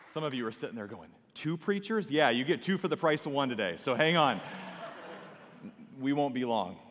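A man's voice: medium pitch, lively intonation, fairly quick, a bit bright, a little hiss or hum. A man who is a pastor, addressing his congregation in a sermon with a welcoming, conversational manner. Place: church sanctuary. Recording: long hall reverb.

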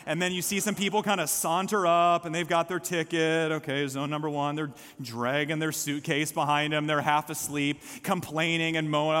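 Male pastor, high tenor, passionate sermon delivery, long reverb of a church sanctuary. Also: steady tone, fairly quick, fairly bright tone. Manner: impassioned, builds to calls for response.

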